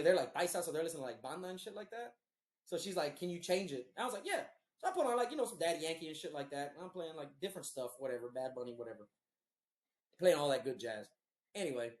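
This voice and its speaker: A man's voice: a little high, big pitch swings, fast talker. Man telling a rambling story, roomy sound. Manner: profane, rambling, conversational. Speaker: podcast host. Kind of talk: casual storytelling. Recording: roomy echo.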